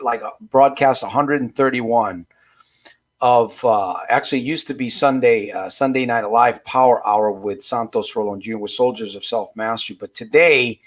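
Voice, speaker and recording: A man coaching live on a broadcast, talking loosely, repeating questions to his viewers and often restarting his sentences. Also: medium pitch. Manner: rambling, repeats questions to the audience, frequent restarts. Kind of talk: casual motivational livestream talk.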